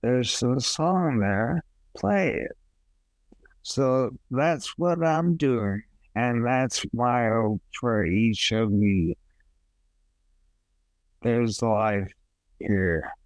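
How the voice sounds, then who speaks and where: A man who survived a stroke, reading his story aloud in a measured, reflective and uplifting way. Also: medium pitch, no echo.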